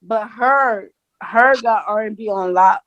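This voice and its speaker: A woman co-hosting a podcast, arguing her case in a heated casual debate, repeating her points and getting loud. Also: mid-range voice, measured pace, no echo, highs cut off. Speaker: podcast co-host.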